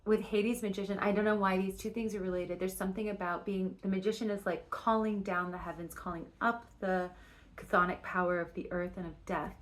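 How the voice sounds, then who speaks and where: A woman's voice: mid-range voice, level tone, fairly quick. A woman giving a casual spoken tarot reading, rambling and restarting her sentences, with frequent fillers and casual swearing. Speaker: tarot reader.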